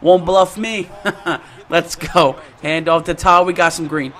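A young man giving excited, slangy commentary over his own football video game, often shouting and laughing at big plays. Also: fairly high pitch, slow pace. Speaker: gaming YouTuber. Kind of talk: excited live gameplay commentary.

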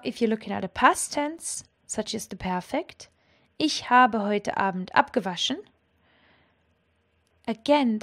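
A woman teaching a language lesson, explaining clearly and with lively energy. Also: fairly high pitch.

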